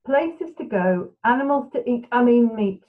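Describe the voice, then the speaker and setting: A woman's voice: fairly high pitch, animated, measured pace, pitched above the performer's own voice. A woman voicing a sly, hungry male jaguar in a bedtime storybook. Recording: tinny phone-like sound.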